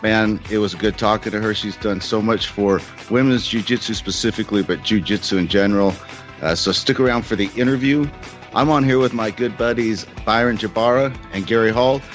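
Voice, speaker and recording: A man hosting a podcast, introducing the episode in a relaxed, joking way. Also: lowish voice, brisk, faint music behind. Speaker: podcast host. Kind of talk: casual podcast intro and banter.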